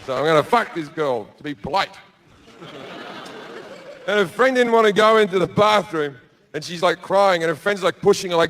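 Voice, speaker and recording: A man's voice: high-pitched, normal speed, fairly bright tone. An Australian man doing a stand-up set on a theatre stage, telling a crude story in a laid-back way and acting out the quotes. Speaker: stand-up comedian. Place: large theatre stage with live audience.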